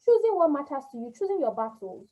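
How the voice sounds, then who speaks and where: High, mellow woman host on dull call audio. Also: sing-song, quick pace. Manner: reflective, sums up the guest's points. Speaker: webinar host. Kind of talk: webinar conversation. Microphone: video call.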